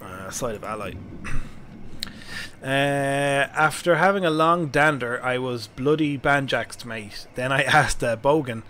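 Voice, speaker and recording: A man's voice: medium pitch, takes it slowly, pushed and bright. An Irish man streaming a strategy game at home, chatting casually with viewers, laughing often and thinking aloud. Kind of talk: casual live-stream chat. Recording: noisy background.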